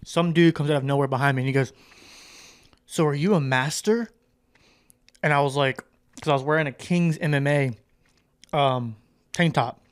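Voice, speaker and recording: A young man and grappling coach telling a story in a casual podcast chat, animated, laughing often and acting out the dialogue. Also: medium pitch, brisk, smooth.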